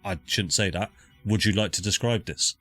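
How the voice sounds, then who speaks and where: Low-voiced man running a tabletop game. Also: moderate pace, a bit bright, soft background music. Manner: easygoing, thinks aloud over rules. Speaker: dungeon master.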